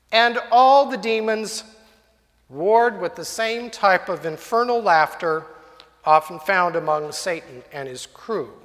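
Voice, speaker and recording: A man's voice: high voice, a bit bright. A male preacher telling a story in a sermon, vivid and dramatic, in a church hall. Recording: long hall reverb.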